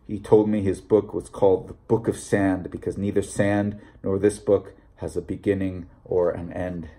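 A man voicing a secretive Scottish Presbyterian bible peddler in a low, hushed, confiding voice, read as an audiobook. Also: measured pace, close to an everyday voice. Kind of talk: audiobook reading.

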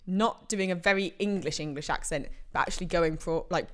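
A woman's voice: on the low side, a little fast, fairly bright tone. A young woman co-hosting a podcast, teasing her co-host, giggling and reading listener emails in casual chat.

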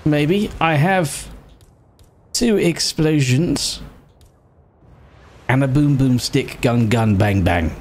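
Excitable British man commentating a game. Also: medium pitch, very slow, long pauses, a little hiss or hum. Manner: excitable and sarcastic, swears freely. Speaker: gaming streamer. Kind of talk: casual gameplay commentary.

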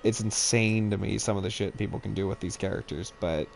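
A man co-hosting a casual gaming chat, swearing freely, excitable and laughing often. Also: on the low side, fairly quick, creaky, crowd noise. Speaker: co-host.

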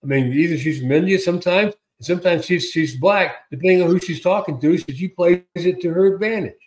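Sarcastic, animated man ranting. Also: sits high, a little fast. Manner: animated, sarcastic, repeats himself, acts out quotes. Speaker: co-host. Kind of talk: casual political chat.

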